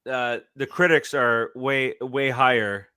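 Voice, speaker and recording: A man's voice: medium pitch, fairly even intonation, takes it slowly, pushed and bright, smooth, dry recording, clean studio sound. Man, podcast co-host, casual chat, rambling with fillers, clean resonant tone. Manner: rambling, many fillers and restarts.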